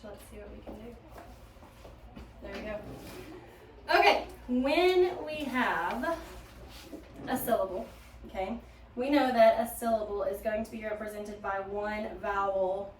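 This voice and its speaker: A woman's voice: medium pitch, a little hiss or hum. Woman teacher, echoey classroom. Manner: patient, prompting, instructional. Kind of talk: classroom phonics lesson. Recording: echoey room, from a distance.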